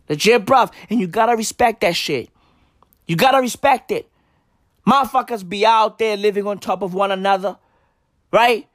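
A man's voice: sits high, a bit bright, dry recording, clean studio sound. A young man delivering a profane comedic rant, emphatic and slangy, repeating his points over and over. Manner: repetitive, emphatic, slangy, swearing. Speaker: comedic commentator.

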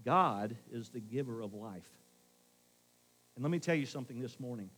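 A middle-aged man preaching a sermon as pastor in a conversational way, swinging between loud emphasis and hushed asides. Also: mid-range voice, lively intonation, normal speed, slightly rough, rough recording.

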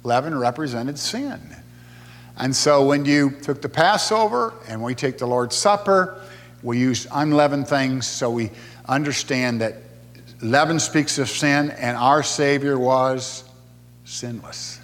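A man's voice: mid-range voice, lively intonation, slow, long reverb tail. A male pastor teaching a sermon in a conversational way, explaining Bible verses and reading scripture aloud.

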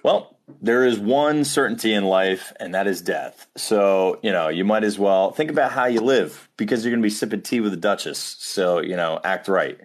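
A man's voice: on the low side, expressive, normal speed, hardly any pauses. A man co-hosting a podcast, chatting casually over a video call in a playful, rambling way and laughing often. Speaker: podcast co-host. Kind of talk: casual chat.

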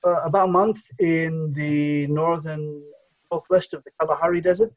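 Chatting loosely in a casual interview, this English-born guest, a Bengali native speaker who is an engineering professor and charity founder, wanders through his points with plenty of fillers and "you know." His pitch is fairly high and his tone steady at a moderate pace, though the recording is muffled.

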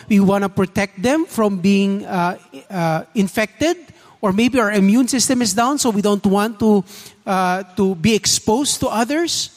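A man preaches a sermon in a high, earnest voice, often turning to the listeners with questions. Long reverb from the hall trails after his words. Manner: earnest, asks the congregation questions.

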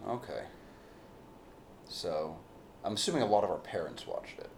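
A man's voice: low-pitched, lively intonation, moderate pace, slight background noise. A man co-hosting a podcast, bantering crudely and rambling with many restarts. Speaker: podcast co-host. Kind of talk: casual banter.

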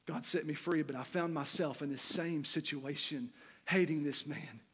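A middle-aged man preaching a sermon, telling a candid personal story that swings between loud, animated passages and quiet, hushed ones. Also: on the high side, moderate pace, slightly rough. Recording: long hall reverb.

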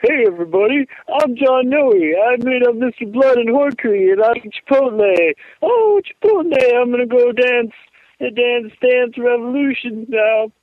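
A man from California putting on a loud, goofy impression of a male podcast host, sent in as a phone voicemail. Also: extremely high pitch, lively intonation, normal speed, dry recording, narrow, tinny audio. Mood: manic. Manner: shouty, over-the-top.

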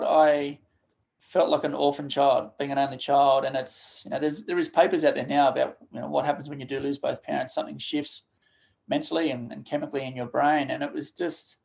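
Man in his thirties, gravelly voice, slightly high pitch, halting emotional storytelling, podcast guest. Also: a little mellow. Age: 30s. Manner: halting, emotional, many restarts and trailing pauses. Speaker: guest, charity co-founder. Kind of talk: personal storytelling in a podcast interview.

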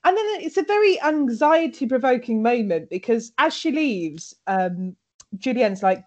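Animated woman recapping with flair. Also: fairly high pitch, moderate pace, highs cut off. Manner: animated storytelling, acting out characters. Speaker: podcast co-host recapping a TV episode. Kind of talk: casual comedic chat.

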